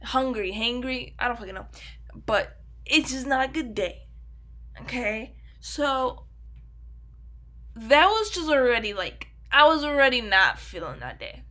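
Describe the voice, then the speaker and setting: Young woman, casual storytelling, swears a lot, bright voice, fairly high pitch. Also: a little slow, long pauses. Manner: swears freely, animated, self-interrupting. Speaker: podcast host.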